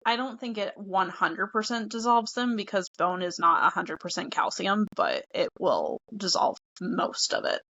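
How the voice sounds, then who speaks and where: A woman on a podcast who explains facts plainly and calmly. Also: mid-range voice, moderate pace, hardly any pauses, no echo. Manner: matter-of-fact, explanatory. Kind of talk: casual book-club chat. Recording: dull lo-fi podcast audio.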